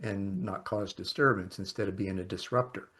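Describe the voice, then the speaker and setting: A man's voice: sits low, normal speed, a bit bright. A man hosting a conversation podcast, musing and often ending thoughts with "right?". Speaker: podcast host. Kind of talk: casual conversation.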